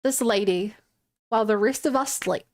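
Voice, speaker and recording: A woman's voice: medium pitch, normal speed. A woman streamer casually retelling a tabletop game session, chatty and loose with lots of filler words.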